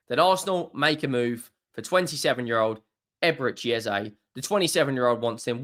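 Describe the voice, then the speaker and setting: A young man ranting in a fan video, swearing often and swinging from low muttering to loud exasperated outbursts. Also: very animated, a little fast. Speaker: football fan vlogger.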